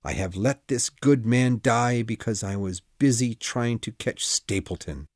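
A man voicing an urgent, commanding middle-aged male detective in an audiobook, with brisk exclamations and reasoning. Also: mid-range voice, darkish tone, no room sound, clean studio sound. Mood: remorseful. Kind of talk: audiobook character reading.

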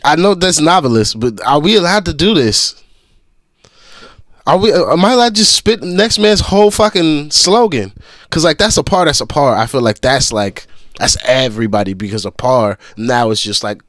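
A man's voice: medium pitch, a bit bright, no room sound, studio quality. An American man hosting a reaction channel, talking back at a battle video in a blunt, profane, casual way. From United States.

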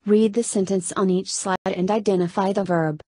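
A woman teacher narrating a scripted lesson, reading slowly and carefully and addressing her students. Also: mid-range voice, fairly even intonation, dark tone, dry recording.

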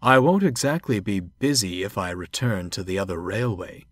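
A man voicing a polite, smooth-talking male diesel engine who speaks formally and courteously. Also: fairly low pitch, lively intonation, moderate pace, no echo.

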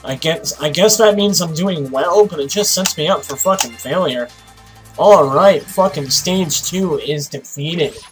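A man's voice: on the high side, low-quality recording. Sleepy, profane young man gaming. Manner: profane, self-mocking, excitable outbursts. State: tired, sleepy voice. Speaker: let's play host. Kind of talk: casual gameplay commentary.

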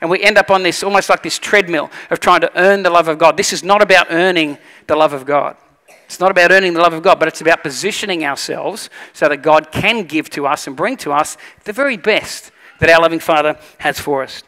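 Male pastor, lively storyteller, bright edge, echoing church hall. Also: on the high side, fairly quick. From Australia. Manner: animated storytelling, acts out voices. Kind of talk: sermon.

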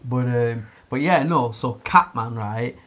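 A young man tells a story in a loose podcast chat. He swears freely, fills every gap with "like" and laughs as he goes. His voice sits at an ordinary pitch. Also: unhurried, fairly bright tone. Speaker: podcast co-host telling a story. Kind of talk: casual chat.

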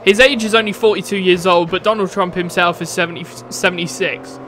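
Blunt British man ranting, high-pitched. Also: fairly even intonation, brisk, a bit bright, a little hiss or hum. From United Kingdom. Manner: opinionated, blunt, swears, laughs at own jokes. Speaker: gaming streamer. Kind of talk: casual rant while playing.

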